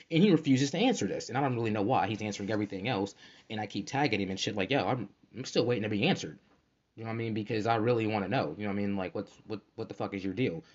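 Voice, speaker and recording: A man's voice: on the low side, lo-fi sound. A man hosting a casual solo podcast, talking in a fired-up, profane, streetwise way with lots of fillers, recorded at home at night. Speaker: podcast host. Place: bedroom at night, roommate asleep.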